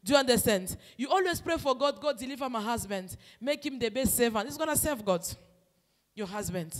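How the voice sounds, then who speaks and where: A woman, a prophetess delivering personal prophecy in an impassioned, emphatic way that swings between loud declarations and soft asides. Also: fairly high pitch, animated, brisk. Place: church hall. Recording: long reverb in a hall.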